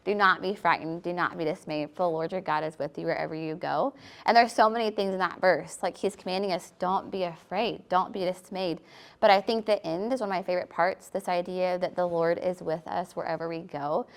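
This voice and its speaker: A woman's voice: fairly low pitch, steady tone, creaky. A woman on a ministry panel, a wife and mother, sharing a Bible verse in a chatty way with many "like" fillers. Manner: warm, chatty, many "like" fillers, quick little laughs. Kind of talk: personal devotional sharing on a panel.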